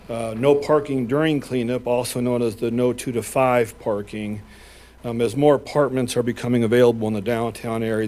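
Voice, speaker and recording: A man, a police chief, briefing a city council in a plain, steady way with a touch of dry humor. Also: mid-range voice, slight background noise.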